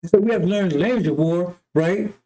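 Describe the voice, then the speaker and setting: A man's voice: sits high, a little fast, warm tone. A man giving a heated, profane preaching monologue, often repeating himself and asking "right?" or "see?". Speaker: religious preacher. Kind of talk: impassioned unscripted preaching monologue.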